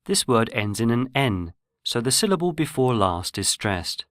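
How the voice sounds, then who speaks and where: A man giving scripted, measured narration for a pronunciation lesson. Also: mid-range voice, big pitch swings, a bit bright, dry recording, clean studio sound. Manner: measured, explanatory. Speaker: language course narrator.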